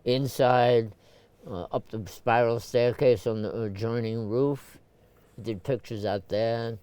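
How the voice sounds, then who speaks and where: An older man from Brooklyn, telling stories at a rambling pace, full of fillers and restarts, and clearing his throat often. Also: medium pitch, steady tone, slow pace, darkish tone. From Brooklyn, New York. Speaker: photographer, interview guest. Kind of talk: casual storytelling interview.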